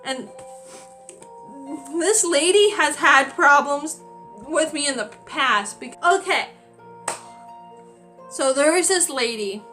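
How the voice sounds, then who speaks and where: A young woman in her twenties chats through a storytime vlog, exasperated and full of "like." Her voice sits high and bright with a crisp edge, and faint music plays underneath. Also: animated, slow, pauses often. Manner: chatty, exasperated, many "like" fillers. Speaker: retail worker.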